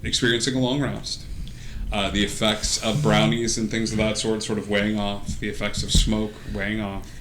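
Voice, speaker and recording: A man's voice: fairly low pitch, level tone, moderate pace. A man narrating a tabletop game as game master, casual, with many fillers and frequent laughs. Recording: echoey room with faint noise.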